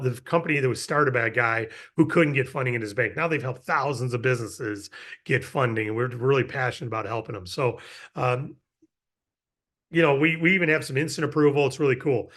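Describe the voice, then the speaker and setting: A middle-aged man giving a casual, energetic sales training and acting out sample pitches. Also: a little fast. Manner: energetic, acts out sales scripts.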